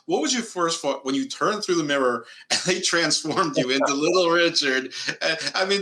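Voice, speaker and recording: A man hosts a casual interview in a bright, forceful voice. His questions ramble and loop back on themselves in an easy, chatty way. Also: on the high side, animated, normal speed. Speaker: interview host.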